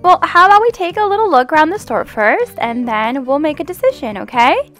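A woman hosting a family game roleplay as the mom, gentle and motherly in a singsong way. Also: high voice, very animated, brisk, faint music behind. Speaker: channel host roleplaying the mom.

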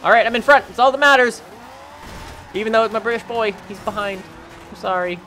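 A young man from Canada giving rambling, excitable let's-play commentary over a racing game, often jumping into high yelps. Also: a little fast, a little hiss or hum. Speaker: gaming channel host.

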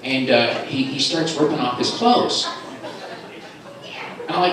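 A middle-aged man doing a stand-up set at a comedy club, telling stories animatedly and jumping into high squeaky voices for other people. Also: unhurried, long pauses. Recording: live club recording from a distant mic, with an echoey room and crowd noise. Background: audience laughter.

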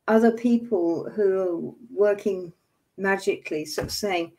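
Speaking at a measured pace in a dark, mid-range voice, a woman in her seventies vents to her livestream viewers with angry emphasis. Her talk is impassioned but casual, and she says sorry for her outbursts.

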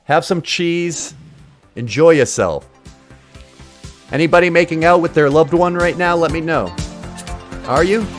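Profane, excitable Boston man streaming games. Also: fairly high pitch, measured pace, long pauses, faint music behind. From Massachusetts. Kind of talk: casual gaming livestream chat.

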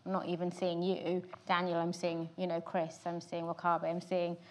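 A woman's voice: fairly low pitch, monotone, moderate pace. A woman interviewer asking long, hedged questions full of "kind of" and "you know".

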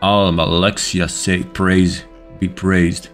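A man giving casual commentary over his own gameplay, excitable and swearing at enemies. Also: fairly low pitch, takes it slowly, soft background music. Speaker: gaming video host.

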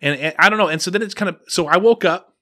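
A man's voice: high voice, fast talker, sharp tone. A man, around his thirties, hosting a podcast in casual chat, telling a story with many restarts and acted-out quotes. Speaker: podcast host.

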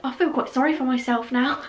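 A woman's voice: high voice, fairly even intonation, fairly quick. A young woman vlogging her reaction to an old video of herself, chatty, giggly and self-mocking.

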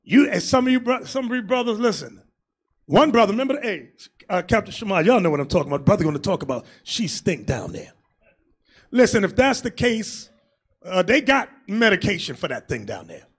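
A man preaches as a bishop, loose and comic, shouting and mocking as he acts out what people say. His voice sits very high and swings wildly in pitch, with a husky, grainy edge. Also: fast. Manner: animated, shouting and mocking, acting out quotes.

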